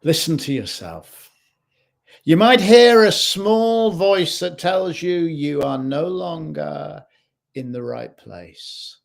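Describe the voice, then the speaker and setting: Slow, gravelly-voiced male life coach. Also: fairly high pitch, animated. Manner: slow, measured, with pauses. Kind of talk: reflective talk to camera. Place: home kitchen.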